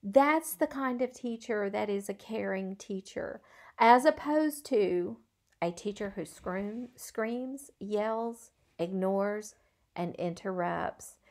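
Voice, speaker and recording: A woman's voice: mid-range voice, slow, darkish tone. A middle-aged woman and former schoolteacher giving a recorded video lecture in an earnest, conversational way, with frequent ums and uhs. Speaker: college instructor, former schoolteacher.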